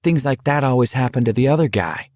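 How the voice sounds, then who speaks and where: A man's voice: medium pitch, animated, fast talker, darkish tone, no room sound, studio quality, natural voice. A man voicing a wry, bitter teenage boy in a deadly walking contest, blunt and coarse in speech.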